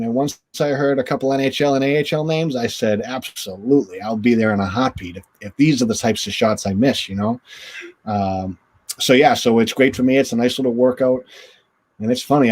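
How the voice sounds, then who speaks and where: A man's voice: mid-range voice, a little fast. Chatty man in his forties telling stories. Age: 40s. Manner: chatty, relaxed, full of "you know" fillers. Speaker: interview guest. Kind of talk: casual storytelling in an interview.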